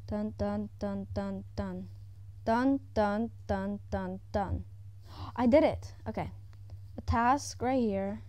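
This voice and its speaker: A woman at home giving casual, excitable commentary as she plays a video game. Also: mid-range voice, no echo. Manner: excitable, exclaiming often, chatting to herself. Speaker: gaming YouTuber. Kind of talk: casual let's-play commentary.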